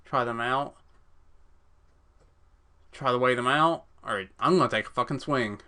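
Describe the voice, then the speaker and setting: Brief: man reading as a menacing armed criminal, bright and clear, blunt threats. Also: medium pitch, normal speed, lightly acted. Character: menacing adult male criminal with a revolver.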